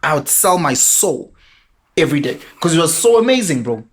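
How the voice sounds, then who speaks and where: A young South African man telling a story in casual chat, animated and laughing, switching into Zulu now and then. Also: on the high side, a little fast. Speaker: podcast guest.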